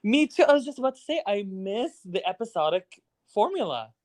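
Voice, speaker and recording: Agreeable young man, fairly high voice. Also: sing-song, a little fast, a loud crowd. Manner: brief, agreeable interjections. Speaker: podcast co-host. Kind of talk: casual chat.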